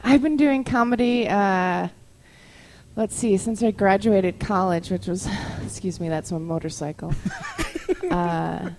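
A woman's voice: mid-range voice, measured pace, darkish tone, a little hiss or hum. A young woman doing stand-up comedy bits, a bit tipsy and laughing through her lines. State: tipsy from whiskey.

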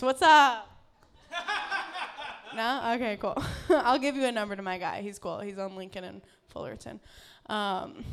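A woman's voice: mid-range voice, a bit bright, smooth. A woman doing a stand-up comedy set on a club stage, often laughing at her own jokes.

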